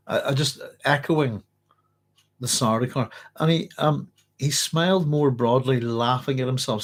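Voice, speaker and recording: A hoarse man hosting a book club, chatting casually and reading passages aloud with rambling self-corrections. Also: mid-range voice. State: hoarse, clearing his throat.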